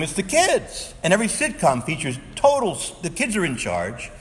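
A man's voice: on the high side, huge pitch swings, a little fast, fairly bright tone, big-room sound, a little hiss or hum. A male Catholic priest preaching a sermon, earnest and exhorting, sometimes pleading with his listeners.

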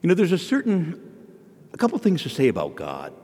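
A priest preaches to his congregation and tells stories in a relaxed, folksy way. His voice rises and falls in a lively sing-song. A long church reverb trails behind each phrase. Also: a little high, fairly quick, slight background noise. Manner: folksy, storytelling with homely asides. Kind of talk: sermon.

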